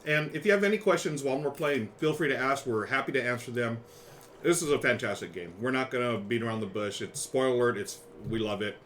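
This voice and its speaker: A man co-hosting a relaxed game-night stream, chatting and laughing easily with his partner and the viewers. His voice sits at an ordinary middle pitch, with faint noise in the background. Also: fast. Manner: chatty, laughing, talks with mouth full. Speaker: game show co-host. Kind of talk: casual livestream chat.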